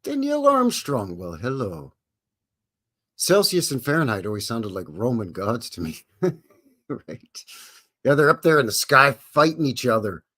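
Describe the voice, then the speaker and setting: A man's voice: medium pitch, wildly swooping pitch, unhurried, long pauses, bright, forceful tone. A Canadian man hosting a live stream in a folksy, jokey way, greeting chatters by name. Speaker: livestream host. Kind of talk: casual live-stream chat.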